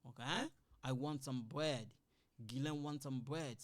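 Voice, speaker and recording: A man's voice: medium pitch, unhurried. A man teaching a French grammar lesson, patiently repeating examples and checking in with "okay?", switching between English, French and another language.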